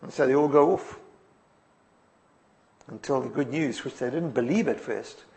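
A man preaching a sermon, telling the stories expressively, dropping soft and quiet and then rising to emphatic lines. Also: medium pitch, normal speed.

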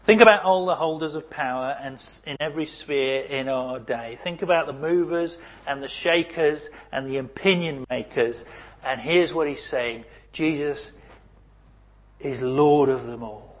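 Husky, slow-speaking male preacher. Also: fairly high pitch. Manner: dramatic shifts between loud emphasis and near-whisper. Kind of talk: sermon.

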